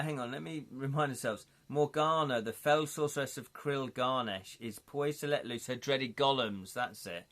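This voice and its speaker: A man's voice: mid-range voice, fairly bright tone. A man from the UK hosting a casual live-stream read-through of an adventure gamebook. He is jokey and rambling, often stops to chat, and stumbles and restarts over words as he reads aloud. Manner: jokey and rambling, breaks off the reading to chat and laugh.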